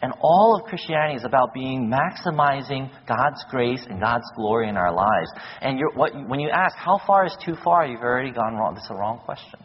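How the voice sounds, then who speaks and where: A man preaching a sermon, telling stories with lively acted-out quotes. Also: mid-range voice, fairly quick, hardly any pauses, husky. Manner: animated storytelling with acted-out quotes. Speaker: pastor. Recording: dull echoey hall, lo-fi.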